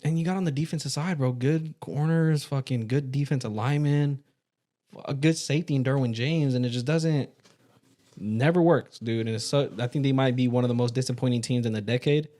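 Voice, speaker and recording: A man's voice: medium pitch, a little fast, warm tone. A man co-hosting a casual sports podcast, ranting emphatically and swearing freely about football teams. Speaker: podcast co-host.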